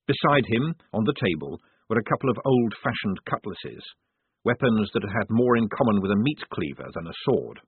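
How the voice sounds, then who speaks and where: A man's voice: fairly low pitch, sing-song, normal speed, breathy edge, no room sound. A man narrating an audiobook in a dry, wry storytelling manner. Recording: tinny phone-like dry sound.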